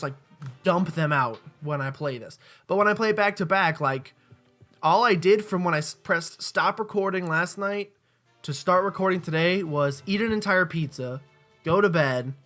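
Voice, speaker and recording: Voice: medium pitch, a bit bright. A let's-play host giving casual, rambling, self-mocking commentary while playing a game at a desk mic. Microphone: desk mic with webcam.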